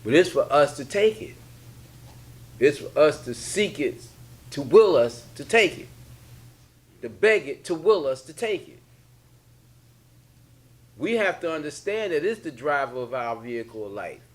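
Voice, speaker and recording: A man's voice: on the high side, animated, measured pace, long pauses. A man, a religious leader giving a casual spiritual teaching, repeating his points in colloquial speech. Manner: preachy, repetitive, colloquial. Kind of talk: spiritual teaching in a sit-down talk.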